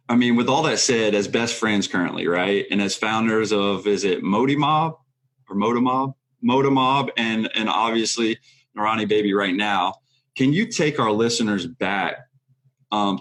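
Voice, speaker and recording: A man hosting a podcast interview, talking loosely with many fillers and self-corrections. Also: fairly low pitch. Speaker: podcast host. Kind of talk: casual interview.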